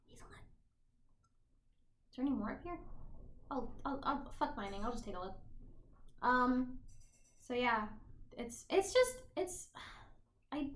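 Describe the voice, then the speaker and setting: A woman co-hosting a casual podcast, recapping a movie in a sweary, animated way while she plays a video game. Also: high-pitched, echoey room. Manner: sweary, animated retelling with quick asides. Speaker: podcast co-host.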